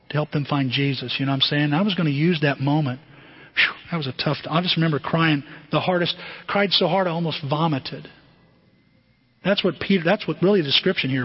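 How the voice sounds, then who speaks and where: A middle-aged man preaching a sermon as pastor, animated and conversational, often asking the congregation questions. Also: fairly high pitch, slightly rough. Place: church sanctuary. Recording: dull, muffled sermon recording with long hall reverb.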